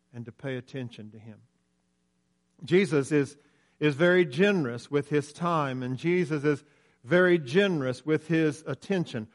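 Guy preaching a sermon, kinda high voice, earnest, big swings up and down. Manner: earnest, rises and falls sharply for emphasis, slows on key lines.

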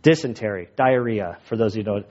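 Man preaching, casual and halting. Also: on the low side, darkish tone, dull audio. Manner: casual storytelling with many fillers and restarts; reads a passage aloud while holding back tears. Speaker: pastor. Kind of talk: sermon.

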